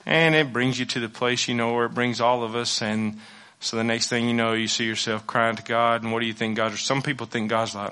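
Preaching with fervor, this male pastor alternates booming proclamations with hushed asides, often saying phrases twice. His mid-range voice holds a steady tone at a fairly quick clip.

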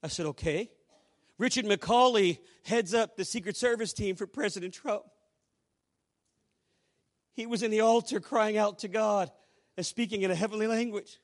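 A man with a high voice, preaching as a pastor. He tells a story to a congregation, dropping to hushed asides and then rising to loud exclamations. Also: moderate pace, long pauses. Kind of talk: sermon storytelling.

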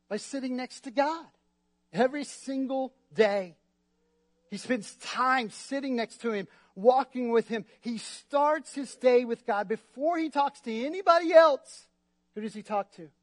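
A male pastor preaches with a bright, high voice, joking and calling for amens from the congregation. The sound is dry and close, with little room echo. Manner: lively, joking, asks the crowd for responses. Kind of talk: sermon. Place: church.

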